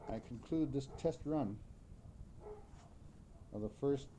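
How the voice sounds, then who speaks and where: A man slowly and carefully explaining word forms, repeating each example word. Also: mid-range voice, mellow, slight background noise. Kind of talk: slow explanatory talk.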